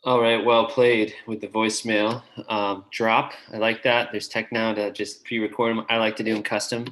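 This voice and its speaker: Male host with a low voice, casual and joking, full of praise. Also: flat delivery, moderate pace, a bit bright, rough recording. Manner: enthusiastic, joking. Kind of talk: casual commentary.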